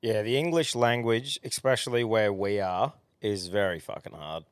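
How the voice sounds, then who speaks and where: An Australian man chats on a podcast, easygoing and full of swearing. His voice is fairly low and sounds dry and close. He keeps a relaxed, casual pace. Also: normal speed, smooth, no room sound. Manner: laid-back, swearing. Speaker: podcast co-host. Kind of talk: casual chat.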